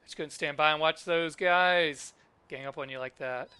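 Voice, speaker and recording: Man voicing a game girl thief, cocky, brash, teasing, higher voice, crisp bright tone. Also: normal speed, dry recording. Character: cocky, spunky young female thief girl.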